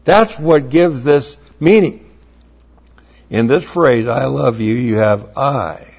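Slow, emphatic male preacher, lo-fi recording. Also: mid-range voice, creaky, darkish tone, breathy edge. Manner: emphatic, blunt, with mocking asides. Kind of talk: sermon.

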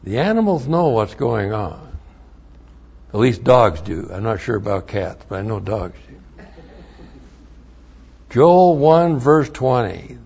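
Slow, deliberate male Bible teacher. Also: lowish voice, very animated, creaky, a little mellow, husky, lo-fi sound. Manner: slow and deliberate, spelling out Hebrew words letter by letter; emphatic when reading scripture aloud.

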